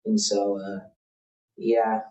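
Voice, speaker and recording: A man's voice: lowish voice, level tone, drawn-out words, a little mellow, muffled recording. A man, a podcast guest, speaking in a thoughtful, hesitant, casual way. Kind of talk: casual faith chat. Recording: roomy, distant mic.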